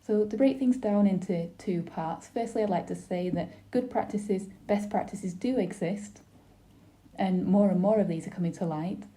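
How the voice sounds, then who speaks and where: A woman provides simultaneous interpretation for a webinar panel, her medium-pitched, mellow voice measured and formal, with brief pauses and restarts.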